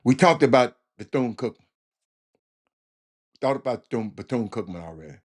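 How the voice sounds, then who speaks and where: A man hosting a casual talk show, rambling and stammering through comments with loud exclamations. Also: medium pitch, expressive, fairly quick.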